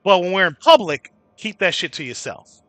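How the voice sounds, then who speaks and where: A man rants to his livestream chat, swearing casually and calling out viewers by name. His voice sits high and sounds very bright and sharp. The sound is close and dry, with almost no room around it. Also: big pitch swings, normal speed, no echo. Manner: swearing freely. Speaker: livestream host.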